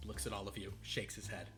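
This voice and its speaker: A man narrating as game master of a horror tabletop role-playing game, quick and low-key with asides.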